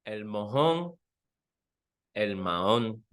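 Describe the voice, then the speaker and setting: Man, slow, smooth voice, off-mic. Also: lowish voice, lively intonation, a bit bright. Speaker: guest pronouncing words.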